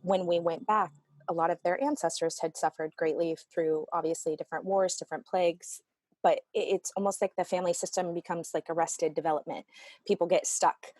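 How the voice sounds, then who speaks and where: An earnest woman therapist explains her work in a lively, reflective way, often restarting phrases as she thinks. Her voice sits a little low for a woman. The sound is close and dry, with almost no room echo. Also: brisk. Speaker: family constellation therapist. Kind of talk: conversational interview.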